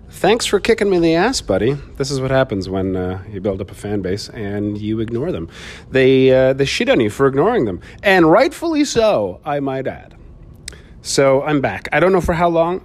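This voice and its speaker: A man hosting a casual solo podcast, rambling and swearing with frequent laughs while he walks around his studio. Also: medium pitch. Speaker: podcast host.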